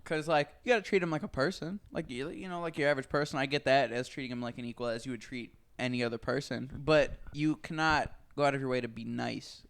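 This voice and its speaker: Quick-talking young man explaining. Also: mid-range voice, steady tone, gravelly, a bit bright. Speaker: podcast co-host. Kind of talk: casual chat.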